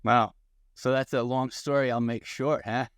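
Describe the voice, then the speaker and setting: A man's voice: medium pitch, moderate pace, clear, resonant tone, no room sound, clean studio sound. A man in his sixties with a New York accent, telling stories and asking rhetorical questions as a podcast guest. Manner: energetic, storytelling, rhetorical questions. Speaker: guest, employment attorney. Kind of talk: podcast interview.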